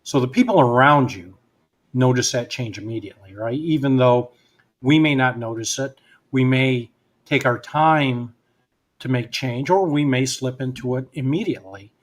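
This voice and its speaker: A man's voice: medium pitch, normal speed. A man, a guest hypnotist, telling a personal story in casual conversation and acting out both sides of the remembered dialogue.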